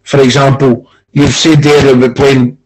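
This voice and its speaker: A Scottish man, a former football coach, chatting casually as a pundit and telling animated stories with plenty of swearing. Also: mid-range voice, normal speed, low-quality recording. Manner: animated storyteller, acts out quoted arguments, swears.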